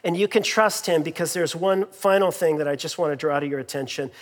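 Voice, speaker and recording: A man delivers a sermon in a church sanctuary, his voice sitting high for a man. He talks to the congregation in an easy, conversational way, full of fillers and repeated phrases. His words ring out with a long reverb from the big hall. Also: fairly quick. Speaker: pastor.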